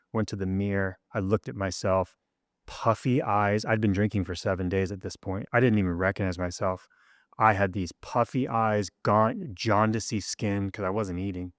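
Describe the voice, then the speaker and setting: Earnest, low-voiced man telling his story. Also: a bit bright, dry recording, studio quality. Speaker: guest. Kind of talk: casual interview storytelling.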